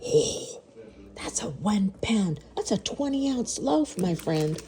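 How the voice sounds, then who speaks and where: A woman's voice: mid-range voice, lively intonation, slow pace, mellow, slight background noise. A woman food vlogger unboxing and tasting baked goods in her kitchen, gasping and gushing as she goes. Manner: gushing, gasps and moans over food. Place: home kitchen.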